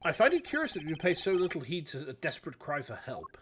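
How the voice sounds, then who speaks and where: A man voicing a composed male prosecutor with a measured, precise, formal delivery. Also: on the high side, wildly swooping pitch, background noise.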